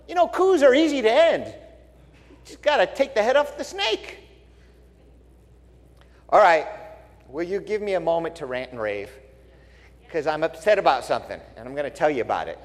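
A man's voice: high voice, moderate pace. A male pastor giving a sermon, telling stories bluntly and with wry asides. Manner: blunt, wry, animated storytelling. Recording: long reverb in a large hall.

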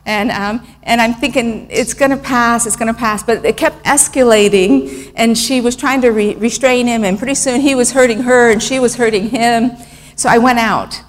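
A woman's voice: a little high, steady tone, normal speed. A middle-aged woman giving a missionary talk with slides, telling stories in an earnest, emotional way with fillers and restarts. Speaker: missionary speaker. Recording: long reverb in a hall.

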